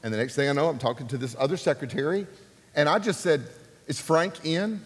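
Lively preacher in a reverberant hall. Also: male voice, mid-range voice, quick pace, slightly rough. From Alabama, US. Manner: animated, acts out quoted voices. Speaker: pastor. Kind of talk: sermon storytelling.

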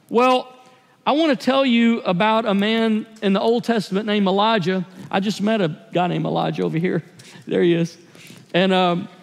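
A man's voice: high-pitched, in a large hall. A man preaching a sermon as pastor, telling a personal story in an earnest, confessional way. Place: church sanctuary.

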